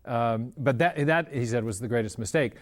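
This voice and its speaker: A man of ordinary, middle pitch speaks as an interview guest. He explains in a conversational yet earnest manner, building each point carefully on the last. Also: normal speed.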